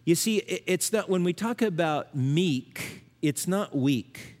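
An older man preaching with earnest conviction, his slightly high voice rising for emphasis and then sinking low and quiet. A long church-hall reverb trails behind every phrase. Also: lively intonation, slow pace. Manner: earnest, swings between emphatic rises and hushed low lines. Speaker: pastor. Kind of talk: sermon.

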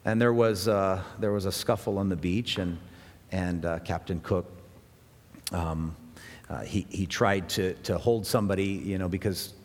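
A man's voice: low-pitched, measured pace. A man preaching a sermon as pastor, earnest and emphatic, often restarting his phrases. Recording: hall with long reverb.

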